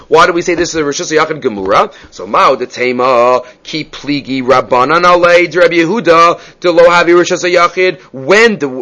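A man's voice: fairly high pitch, fairly bright tone. A man teaching a Talmud class, reading passages aloud and explaining them step by step, often asking questions and answering them himself.

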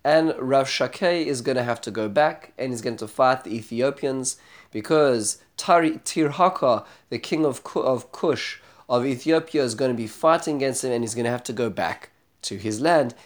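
A man teaching a scripture class in a lively, animated way. His voice sits at an ordinary middle pitch. He often stops, restarts and corrects himself as he explains. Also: moderate pace. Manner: animated, dramatic when retelling speeches; frequent restarts and self-corrections. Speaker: Bible teacher. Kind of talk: spoken lecture on scripture.

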